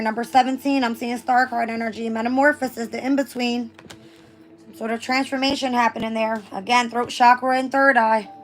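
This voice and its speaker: Woman, hoarse and losing her voice, casual tarot reader, high-ish pitch, loose and chatty with the odd curse. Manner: reads passages aloud then riffs casually, swears. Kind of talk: casual collective tarot reading.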